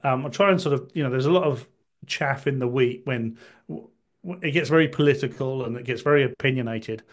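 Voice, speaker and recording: Wry, hesitant man as a guest. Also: medium pitch. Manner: hesitant, restarts, wry asides. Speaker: podcast guest. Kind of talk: political podcast chat.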